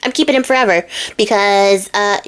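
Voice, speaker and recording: A woman's voice: mid-range voice, moderate pace, a bit bright, clear, resonant tone, lightly acted. Woman voicing a scornful stubborn monk. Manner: blunt, dismissive.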